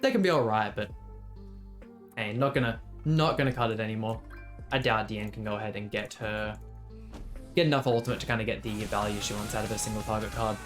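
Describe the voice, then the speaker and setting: A man's voice: fairly low pitch, brisk, music in the background. A man giving casual commentary over his own gameplay for a video, thinking aloud with fillers and restarts. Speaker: gaming video creator.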